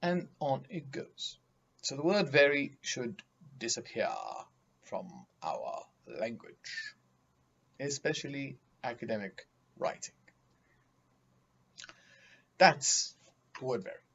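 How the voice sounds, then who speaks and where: A man's voice: medium pitch, sing-song, slow pace, creaky, long pauses, a bit bright, slightly rough, lo-fi sound. A man giving a vocabulary lesson, speaking emphatically and theatrically, mocking vague words with acted examples. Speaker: teacher.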